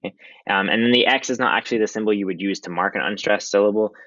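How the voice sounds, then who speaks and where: Young guy teacher w a low voice going over a lesson, lots of ums, dull dry lo-fi audio. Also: rapid-fire, a bit bright, no room sound. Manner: casual, many ums, friendly teacher talk. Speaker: high school English teacher. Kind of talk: recorded slideshow lecture.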